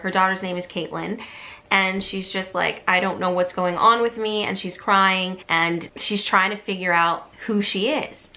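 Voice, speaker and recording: A woman recaps a film in a chatty storytime style. Her voice sits fairly high and rings bright and forceful, and she animates the tale by slipping into quoted lines. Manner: animated, acts out quotes with shifting pitch. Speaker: YouTuber retelling a movie.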